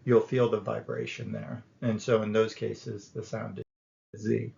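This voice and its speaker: Male grammar teacher, deliberate and unhurried, gravelly tone. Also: fairly low pitch, level tone, mellow, roomy sound. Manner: slow, deliberate, with pauses and filler. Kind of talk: explaining grammar lesson. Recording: dull lo-fi recording.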